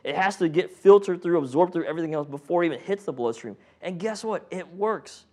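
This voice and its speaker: A slightly high-voiced man talks fast while teaching a paramedic course with humor. He quizzes the room and throws himself into animated impressions of patients and monitors.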